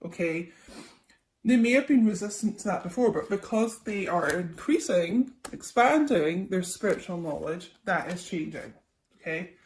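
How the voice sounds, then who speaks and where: A woman's voice: lowish voice, expressive, moderate pace, a little mellow. A young woman, a tarot reader, chatting casually through a psychic reading with lots of ums and okays. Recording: echoey room, faint noise.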